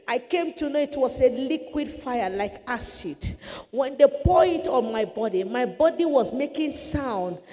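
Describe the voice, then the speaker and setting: Impassioned high-voiced woman evangelist. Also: big-room sound. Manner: impassioned, often crying and shouting. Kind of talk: preached testimony.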